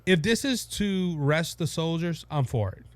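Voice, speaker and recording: A man with a Cajun accent talks politics in a loose, rambling way. He stops and restarts often, and he leans hard on his points. His voice sits a bit high for a man, and the sound is close and dry. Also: expressive, measured pace, no room sound. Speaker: podcast host. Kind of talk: casual political talk.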